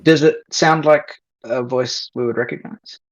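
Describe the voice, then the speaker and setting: A man playing a tabletop game, hesitant with many pauses. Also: mid-range voice, fairly even intonation. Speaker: player. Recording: slightly muffled mic.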